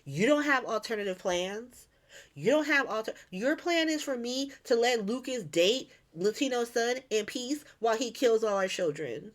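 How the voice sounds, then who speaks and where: A woman's voice: a little high, animated, moderate pace, close to an everyday voice. A woman voicing a defiant, scornful middle-aged male mob boss who talks in brash, dismissive slang.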